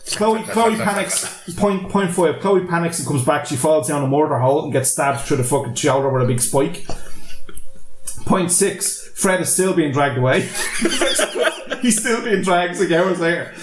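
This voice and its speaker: A man's voice: on the high side, lively intonation, unhurried, reverberant, noisy background. An Irish man hosting a podcast, recapping a film in a rambling, sweary, laughing way. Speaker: podcast host. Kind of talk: casual podcast movie recap.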